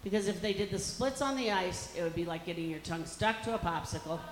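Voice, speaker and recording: A woman's voice: on the low side, animated, fast talker, a little hiss or hum. A woman performing a bawdy stand-up comedy set on a club stage. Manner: bawdy, brash punchlines. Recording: echoey club with reverb.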